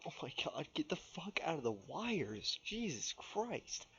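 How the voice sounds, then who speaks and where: Lively swearing man, lo-fi mic. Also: fairly high pitch, normal speed, husky. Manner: swears and laughs often. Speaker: podcast co-host. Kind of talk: casual chat. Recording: dull lo-fi mic with faint noise.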